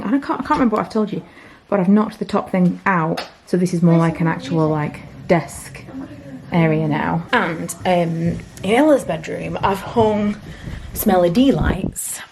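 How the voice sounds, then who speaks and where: A woman in her thirties talking casually to her camera, her voice sitting a little low for a woman. She is open and chatty, and now and then her words fall away into a breathy whisper. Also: unhurried, a little mellow, a little hiss or hum. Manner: candid, chatty, drifting into whispers. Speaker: vlogger.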